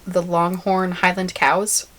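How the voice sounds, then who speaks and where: A woman's voice: fairly low pitch, little pitch movement, slow. A woman co-hosting a podcast in casual chat, laughing often and sharing facts she has looked up. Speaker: podcast co-host.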